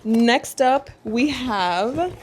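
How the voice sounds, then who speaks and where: Gushing, excitable young woman. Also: fairly high pitch, very slow, a little hiss or hum. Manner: gushing and excitable, many exclamations. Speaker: booktuber. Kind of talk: casual unboxing vlog.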